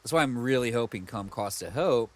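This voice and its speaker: A man's voice: mid-range voice, expressive, brisk. A man streaming a video game, chatting casually in a rambling way with plenty of fillers and asides, at home on a desk mic. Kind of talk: casual let's-play commentary.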